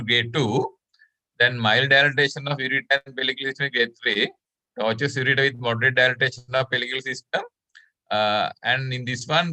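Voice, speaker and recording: A Sri Lankan medical lecturer with a medium-pitched, sharp-toned voice teaches a class online. He explains things step by step and often checks in with "right?".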